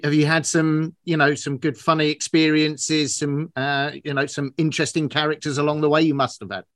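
A man's voice: a little high, fairly bright tone. A man co-hosting a podcast, asking rambling questions and gleefully ribbing his co-host. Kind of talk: casual podcast interview.

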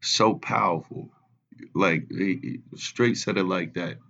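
A man in his twenties telling a family story in casual podcast chat, animated and laughing often. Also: deep voice, unhurried, highs cut off. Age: 20s.

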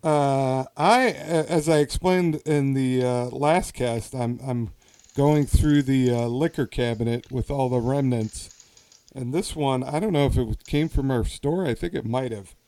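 Mellow-voiced man, halting podcast chatter. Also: medium pitch, clean tone. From Wisconsin. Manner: halting, many ums and uhs, laughs often. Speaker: podcast co-host. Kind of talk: casual chat over drinks.

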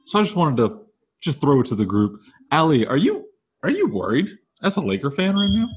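A man's voice: a little high, huge pitch swings, a little fast, breathy edge. A man hosting a casual sports podcast, playful as he steers the talk to the group. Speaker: podcast host.

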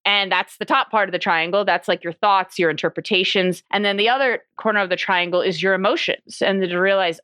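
A woman's voice: mid-range voice, steady tone, a little fast, hardly any pauses, sharp tone, clean tone, no room sound. Woman guest expert, casual and talkative, laughs easily, mid-range voice, dry sound. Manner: chatty, peppered with "like", laughs easily. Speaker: sexologist guest. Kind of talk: casual interview, explaining.

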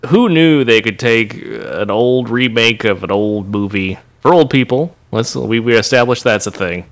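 A man's voice: medium pitch, expressive, unhurried. Playful, teasing male podcast co-host. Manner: playful, teasing, laughs often, mock-announcer asides. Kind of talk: casual chat.

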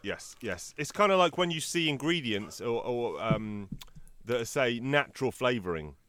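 A middle-aged man co-hosting a podcast in casual chat, jokey and animated as he tells stories. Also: mid-range voice, a little slow, no echo. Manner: chatty, jokey, animated storytelling. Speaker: podcast co-host.

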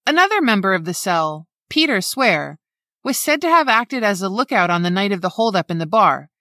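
A woman narrates a scripted true-crime account in a bright, forceful voice with lively pitch, measured and exact as she reads out dates, figures, and names. The recording is dry and close-miked.

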